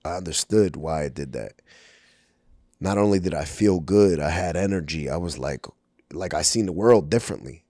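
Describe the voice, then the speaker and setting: A deep, slightly mellow voice at normal speed belongs to a middle-aged man from Brooklyn, New York, appearing as a podcast guest. He tells his life story frankly, with frequent ums and dramatized quotes, in clean, echo-free studio sound.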